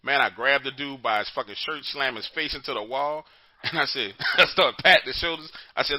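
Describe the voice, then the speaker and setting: A man's voice: medium pitch, brisk, sharp tone, rough recording. A man hosting a call-in show, telling stories in loose, profane casual chat and laughing often. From New Orleans, Louisiana.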